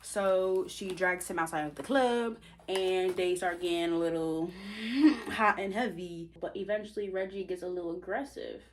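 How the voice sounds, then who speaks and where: This is a young woman chatting casually as she does her makeup. Her voice sits a little low, and she tells the story in an animated, slangy way. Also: moderate pace, slight background noise. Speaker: vlogger and author.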